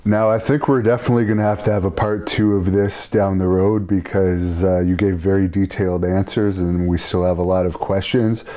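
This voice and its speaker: A man hosting an interview, asking questions in a relaxed, conversational way. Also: low voice, a little fast, few pauses. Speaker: interview host.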